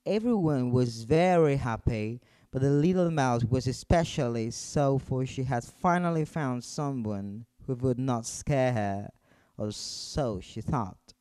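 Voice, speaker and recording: A man reading a children's story aloud in an expressive storytelling manner. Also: medium pitch, a little slow, clear, resonant tone, dry recording.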